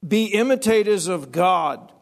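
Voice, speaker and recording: A man's voice: high-pitched, expressive, unhurried. A man preaching a sermon, emphatic, repeating phrases and restarting sentences.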